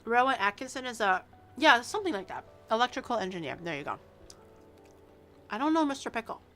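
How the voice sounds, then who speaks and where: A young Canadian woman livestreaming, her voice high and bright. She chats and teases her viewers, full of "um"s and "like"s, while faint music plays underneath. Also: big pitch swings, a little fast. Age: early 20s. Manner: chatty and teasing, with frequent fillers. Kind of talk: casual chat reacting to viewers.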